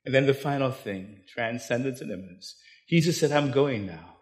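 An older man, preaching a storytelling sermon that swings from loud, laughing anecdotes to hushed intensity. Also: medium pitch, expressive, moderate pace.

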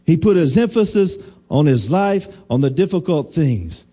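A man's voice: on the high side, very animated, normal speed, dark tone, breathy edge. A middle-aged man preaching a sermon as pastor, asking the congregation questions and calling for responses.

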